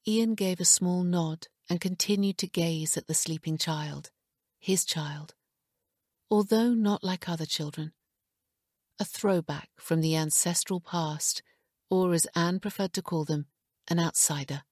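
A woman narrating an audiobook in a hushed, measured way, recorded in a studio booth. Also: fairly low pitch, no room sound. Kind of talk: scripted narration.

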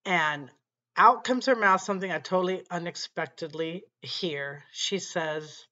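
A woman vlogger telling a personal story in a casual, unhurried way, often saying "you know" and "like". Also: on the low side, bright, forceful tone. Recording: dull lo-fi recording.

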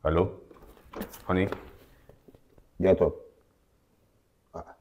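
A sobbing husband in grief. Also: male voice, deep voice, steady tone, drawn-out words, phone-quality sound, heavily acted. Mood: coaxing. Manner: pleading, wailing, sobbing grief. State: crying. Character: grieving husband finding his wife collapsed. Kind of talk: dramatic acting.

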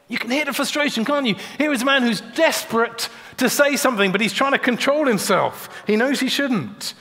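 A man's voice: extremely high pitch, animated, fairly quick, hardly any pauses, pushed and bright. A man preaching a sermon in a church, earnest and direct, often repeating a word as he starts a sentence. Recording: long church reverb.

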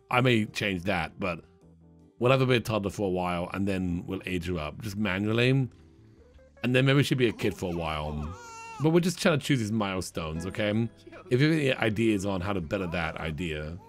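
A man hosting a let's play, chatty and playful, often laughing and slipping into quick character voices. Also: on the low side. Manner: voices his game characters in quick asides. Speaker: gaming channel host.

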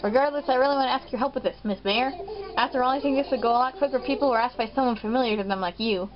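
A woman's voice: on the high side, very fast, lo-fi sound, natural voice. A woman voicing an eccentric male salamander club promoter with a lisping, dopey drawl. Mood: pitchy salesman.

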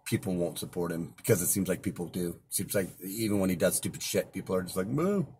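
A man's voice: deep voice, fast talker, a little mellow, a little hiss or hum. A man delivering a heated, profane rant from inside a car, often repeating himself. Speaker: vlogger. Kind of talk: angry ranting monologue.

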